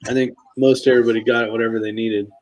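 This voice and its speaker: A man hosting a casual live stream, laid-back and quick to laugh, reading viewer comments aloud. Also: mid-range voice, level tone. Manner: calls his own voice a sleepy DJ voice. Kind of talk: casual chat.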